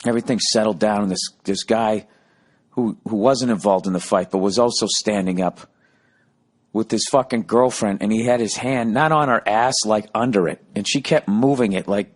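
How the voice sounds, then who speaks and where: A man's voice: fairly low pitch, normal speed. A man hosting a podcast, telling a profane comic story in a ranting, sarcastic way and acting out arguments. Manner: ranting, sarcastic, heavy swearing, acts out both sides of arguments. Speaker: podcast host.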